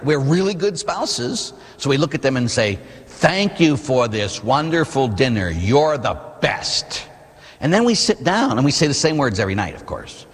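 A middle-aged man, a Catholic priest, preaching a sermon in an animated storytelling way, often tossing in rhetorical asides. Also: mid-range voice, slightly rough. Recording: long hall reverb.

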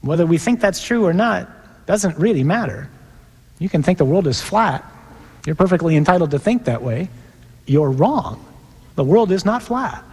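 A priest preaching to his parish with earnest, drawn-out emphatic pauses, then leading a prayer. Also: high-pitched, lively intonation, a little mellow, breathy edge. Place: large church. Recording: long church reverb.

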